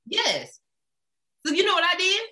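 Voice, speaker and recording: A woman co-hosting a casual chat show, animated and blunt, swearing and laughing often. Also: very high voice, measured pace. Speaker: podcast co-host.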